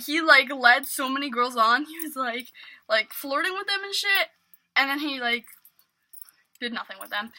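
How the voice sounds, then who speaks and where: Bright-voiced young woman rambling a storytime. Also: high-pitched. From New York state. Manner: rambling, heavy "like" fillers, mock-dramatic. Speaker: vlogger. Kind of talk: casual storytime vlog.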